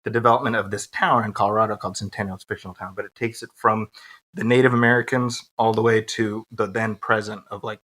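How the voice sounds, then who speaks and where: Man, podcast co-host, casual chat, bright tone, animated and joking. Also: on the low side. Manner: animated, joking, quick asides.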